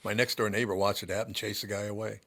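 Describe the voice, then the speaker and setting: An older man hosting a show, telling stories in a rambling, gruff way with many restarts. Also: fairly low pitch, little pitch movement, quick pace, fairly bright tone. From United States. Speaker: radio host. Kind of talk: casual chat.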